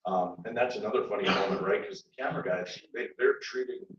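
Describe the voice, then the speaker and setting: A man on a paranormal TV show telling a story to a convention audience in a jokey, animated way. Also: lowish voice, fairly quick. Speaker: paranormal TV show cast member, convention panelist. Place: large convention hall. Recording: echoey hall, distant mic, dull sound.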